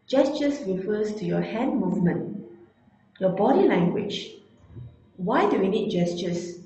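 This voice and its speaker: A woman giving an instructional talk, deliberate and emphatic, slowing down to stress key words. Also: medium pitch, mellow. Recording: very echoey room.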